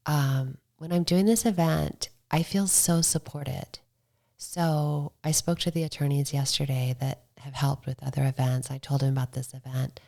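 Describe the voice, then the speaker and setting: A middle-aged woman, a guest on a podcast, chatting casually and telling stories, acting out quoted dialogue and dropping into soft whispers. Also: low voice, creaky. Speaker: podcast guest, motorcycle club founder.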